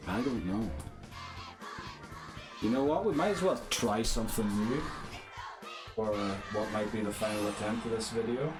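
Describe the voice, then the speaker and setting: Brief: male streamer, lowish voice, chatty and self-mocking, game music playing behind. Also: moderate pace, pauses often. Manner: chatty, self-deprecating, thinking aloud to viewers. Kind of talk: casual live gameplay commentary.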